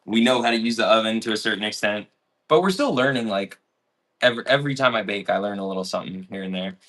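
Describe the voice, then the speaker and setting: A man's voice: on the low side, expressive, fast, fairly bright tone. A man who works as a baker, telling stories casually on a livestream in a rambling, candid way, full of fillers, laughs and the odd swear word. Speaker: baker and video host.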